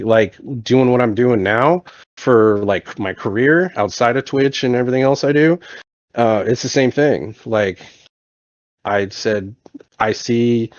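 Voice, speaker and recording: A man's voice: medium pitch, no echo. A man chatting casually as a podcast guest, telling stories in a blunt, profane, emphatic way. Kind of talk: casual chat. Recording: dull, dry lo-fi sound.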